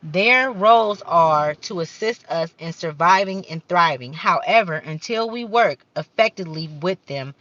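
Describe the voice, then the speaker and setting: A woman's voice: on the low side, expressive, unhurried, few pauses, a bit bright, no echo, lo-fi sound. A woman doing a casual spiritual card-reading vlog, talking fervently in slang, swearing at times and stumbling as she reads the card text aloud. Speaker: card reader.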